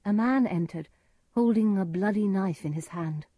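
Woman storybook narrator, dark husky voice, measured, dry sound. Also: medium pitch, dry recording. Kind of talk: storybook narration of a simplified classic.

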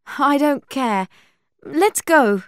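Woman doing a pushy teen girl, high and urgent, slow storybook read. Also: big pitch swings, darkish tone, no room sound, clean studio sound, heavily acted. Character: excitable teenage girl, slayer heroine.

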